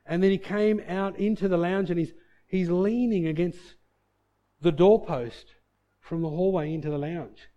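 A male preacher with a fairly high voice, delivering a sermon. His delivery swings widely, sinking to hushed, low lines and then climbing to shouted peaks. He tells stories with a preacher's rhythm. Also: fairly even intonation, unhurried, lo-fi sound. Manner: storytelling, shifting between soft low passages and loud shouted peaks.

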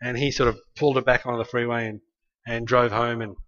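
A man's voice: medium pitch, level tone, fast talker, a bit bright. An Australian man preaching, telling a family story in a loose, conversational way with many restarts. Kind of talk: sermon storytelling. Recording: slightly muffled lo-fi recording.

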